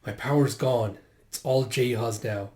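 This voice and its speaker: A man's voice: mid-range voice, unhurried, darkish tone, roomy sound, lightly acted. A man reading aloud as a cruel, bitter aging male dragon warrior from a comic, with a sneering manner.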